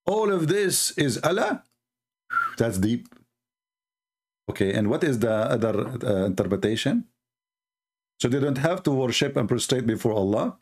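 A man's voice: medium pitch, moderate pace, pauses often. Sarcastic man with an Arabic accent. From Middle East. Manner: sarcastic, animated, laughs at his own points. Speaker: Christian apologist. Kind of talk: mocking commentary talk.

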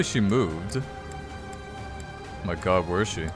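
A man's voice: fairly low pitch, animated, normal speed, over music. A man giving frustrated, swearing commentary while playing a video game. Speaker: gaming channel host. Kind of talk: let's play commentary.

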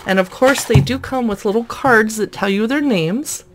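A woman's voice: a little high, normal speed, a little hiss or hum. Chatty amused woman unboxing toys. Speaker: toy unboxing vlogger. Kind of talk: casual unboxing narration.

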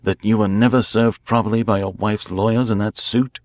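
A grave, commanding male detective laying out his case and pressing a suspect hard, as a male reader voices him. The deep, low voice stays forceful and measured, and it is recorded close and dry. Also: steady tone, no echo, close to an everyday voice. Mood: interrogating. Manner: grave, forceful, cross-examining. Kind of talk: audiobook character voice.

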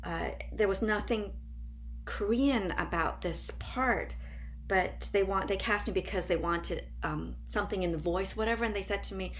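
A woman's voice: mid-range voice, normal speed, a little hiss or hum. A woman improviser speaking on a panel, reflective and searching for words as she talks. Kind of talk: panel discussion.

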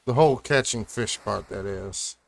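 A let's play host with a lowish, gravelly voice gives casual commentary at normal speed while playing a video game. He mutters and grumbles at whatever happens on screen.

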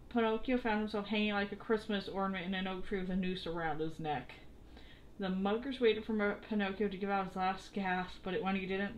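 A woman reads a children's story aloud in a steady, expressive narrating voice. Her pitch sits in a middle range. A faint hiss runs beneath the recording. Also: rough recording. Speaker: storybook reader.

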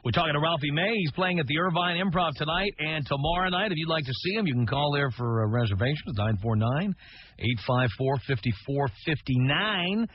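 A male radio talk show host interviewing a guest and reading brisk plugs. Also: a little high, lively intonation, slight background noise. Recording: lo-fi broadcast with music bed.

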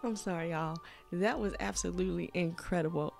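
A young woman, a movie reaction host who chats excitedly and keeps calling her viewers y'all. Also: lowish voice, fairly quick, creaky, over music. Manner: exclamatory, addresses viewers as y'all. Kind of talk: excited casual reaction chat. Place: home room.

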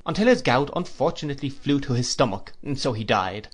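A man voicing a humble, good-natured young man in an audiobook, talking in an eager, lively way and quick to laugh. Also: mid-range voice, pitched above the performer's own voice, natural voice. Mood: cheerful. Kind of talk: audiobook character voice.

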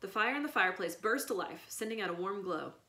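A woman reading a children's chapter book aloud in an expressive storytelling manner. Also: mid-range voice, fast. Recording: echoey room.

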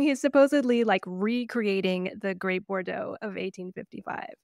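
A woman's voice: mid-range voice, moderate pace, creaky, few pauses, darkish tone, no echo, clean studio sound. A woman co-hosting a wine podcast, chatting in an opinionated, casual way with frequent fillers and laughs. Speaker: podcast co-host. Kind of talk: casual chat. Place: living in Oregon.

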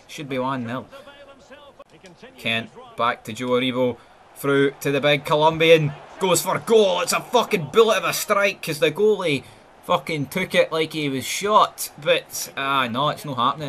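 Sweary excitable Scottish gamer. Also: male voice, on the high side, a little hiss or hum. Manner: excitable, sweary, jumps from mumbling asides to yelled goal calls. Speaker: gaming YouTuber. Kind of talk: sweary mock football commentary over a video game.

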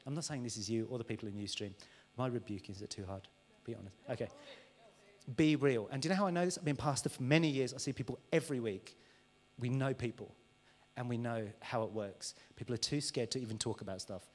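Animated male preacher in a reverberant church. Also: mid-range voice, fast talker. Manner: animated, acts out dialogues with a mocking overexcited voice; candid, conversational. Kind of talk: live sermon. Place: large church hall. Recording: church hall reverb, live stream.

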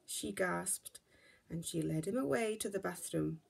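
Female teacher, story-time reader; gentle, expressive, lively pitch, raspy. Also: measured pace. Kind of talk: reading a picture book aloud.

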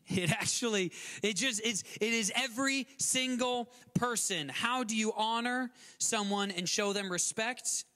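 A high-pitched man preaches a sermon. He talks in a loose, conversational way, stumbles and repeats words, and acts out little quotes in sudden new voices. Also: a little slow, bright, forceful tone. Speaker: guest pastor.

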